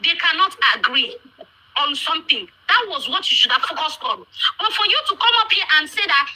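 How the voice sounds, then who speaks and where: Very high, bright, blunt woman. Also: lively intonation, poor audio. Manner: blunt, rapid rebuttals with slang. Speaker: host of a live audio chat. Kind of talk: heated live chat.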